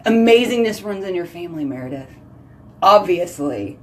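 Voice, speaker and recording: A woman hosting her own show, chatting casually with viewers, full of "like" and lively exclamations. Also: on the low side, brisk, slight background noise. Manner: chatty, heavy use of "like", animated exclamations. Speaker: host.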